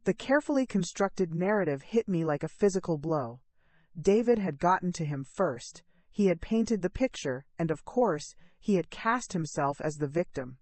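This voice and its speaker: A middle-aged woman reading a dramatic first-person story in a measured, earnest, emotional way. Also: lowish voice, lively intonation, darkish tone, dry recording.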